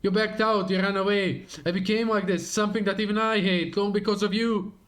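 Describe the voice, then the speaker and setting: A man's voice: high-pitched, little pitch movement, brisk, fairly bright tone. A man voicing a bitter, vengeful woman in a game, speaking in short, broken, accusing sentences.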